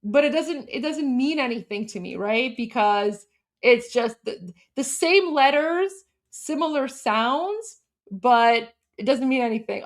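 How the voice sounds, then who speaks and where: A woman's voice: on the high side, expressive, a little slow. A woman co-hosting a livestream in a casual, chatty way, full of "like" fillers and enthusiastic exclamations. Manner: chatty, heavy use of "like" fillers. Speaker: livestream co-host.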